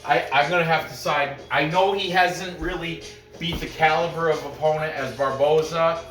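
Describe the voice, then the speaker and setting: A man's voice: a little high, steady tone, normal speed, fairly bright tone, roomy sound, far from the mic, faint music behind. A man hosting a casual podcast who rambles through fight picks, joking and laughing often. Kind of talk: casual chat.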